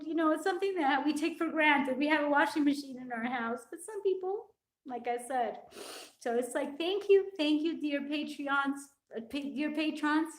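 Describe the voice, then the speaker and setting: A high-pitched woman hosts a casual live stream as a fitness coach. She talks in a chatty, effusive way and keeps thanking the people watching. Her voice bounces around an echoey room. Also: moderate pace. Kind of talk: live-stream chat with viewers.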